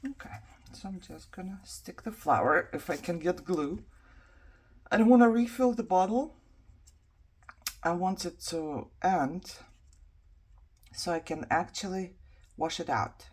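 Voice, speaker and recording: A woman chatting casually while she crafts at home. She laughs often and drops to quiet muttering as she works. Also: lowish voice, expressive, a little slow, long pauses, husky. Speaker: craft journaling vlogger.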